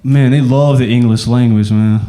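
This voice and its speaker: A man's voice: medium pitch, fairly even intonation, normal speed, mellow. A man from Arkansas doing a stand-up comedy set, rambling casually with lots of fillers. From Arkansas, USA.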